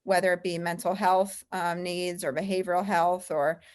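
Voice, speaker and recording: A woman's voice: lowish voice, level tone, moderate pace. A woman guest on an interview, a firm founder, telling stories casually and full of fillers. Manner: chatty, frequent "like" and "um" fillers.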